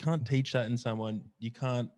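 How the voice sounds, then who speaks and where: A man's voice: medium pitch, normal speed, darkish tone. A man co-hosting a podcast, chatting enthusiastically and swearing casually. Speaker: podcast co-host.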